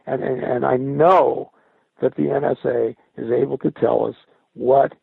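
An older man, a former military radio linguist, recalling his service in a halting interview style, often repeating and restarting words. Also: mid-range voice, fairly even intonation, vocal fry, husky, no room sound. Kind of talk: recollecting in an interview. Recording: dry, tinny phone-like sound.

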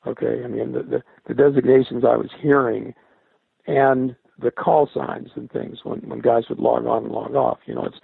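An older man, a former military radio linguist, recalling his service in a halting interview style, often repeating and restarting words. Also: medium pitch, level tone, gravelly, slightly rough, no room sound. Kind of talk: recollecting in an interview. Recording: dry, tinny phone-like sound.

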